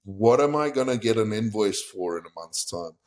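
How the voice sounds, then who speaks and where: A man's voice: lowish voice, lively intonation, moderate pace, darkish tone. A young man from South Africa, a podcast guest, telling a candid story and acting out what people said to him. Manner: candid, retells conversations in quoted voices. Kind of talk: casual storytelling.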